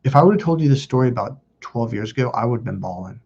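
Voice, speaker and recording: A man with a husky, mellow voice talks in a casual confessional way, blunt and full of swearing. The recording sounds dull and lo-fi. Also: mid-range voice, expressive. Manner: blunt and profane, quick asides. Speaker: self-help video host.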